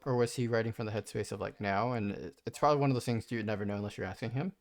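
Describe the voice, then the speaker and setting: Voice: mid-range voice, rapid-fire, dry recording. A podcast co-host chatting casually about comics, thinking aloud with frequent restarts. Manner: thoughtful, restarts, animated when retelling. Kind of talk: casual comic book discussion.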